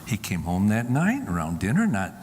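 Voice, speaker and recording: A man's voice: on the low side, huge pitch swings, normal speed, a little mellow, in a large hall, slight background noise. A man giving an emphatic public talk from a stage to a live audience, often repeating key lines for effect. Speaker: Christian speaker.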